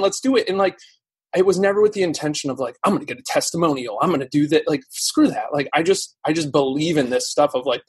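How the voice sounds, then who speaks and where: A man talking on a casual live stream, his voice slightly husky and sitting a bit high. He tells stories fast and animatedly, full of fillers and quick asides. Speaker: podcast guest, SEO teacher.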